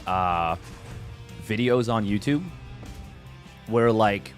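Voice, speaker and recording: A man giving casual live commentary on a strategy game, rambling and excitable as he chats between plays. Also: mid-range voice, takes it slowly, long pauses, soft background music. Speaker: esports commentator.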